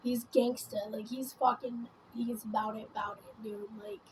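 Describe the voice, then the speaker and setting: A woman's voice: a little high, flat delivery, moderate pace, background noise. A woman vlogging in a casual, rambling monologue full of swearing and fillers while she does her makeup. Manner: rambling, profane, many fillers. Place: at home doing her makeup.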